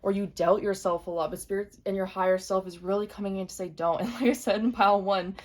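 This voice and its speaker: A young woman giving an intuitive tarot reading to camera, speaking gently and repeating her points straight to the viewer. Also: mid-range voice, steady tone, quick pace, a little hiss or hum. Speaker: tarot reader.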